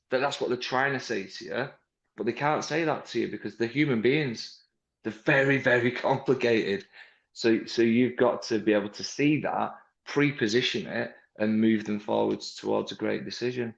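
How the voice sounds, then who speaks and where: A British man in the car trade, talking casually in an interview, animated and full of restarts, often acting out conversations with customers. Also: mid-range voice, normal speed, creaky. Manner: animated, acts out sales-floor dialogues, frequent restarts. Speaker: car sales manager, interview guest. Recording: roomy, slightly dull sound.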